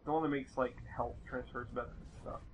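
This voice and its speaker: A man's voice: medium pitch, steady tone, brisk, slight background noise, poor audio. A young man from the United States giving casual, rambling gameplay commentary with plenty of swearing and exasperation. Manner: rambling, profane, easily exasperated.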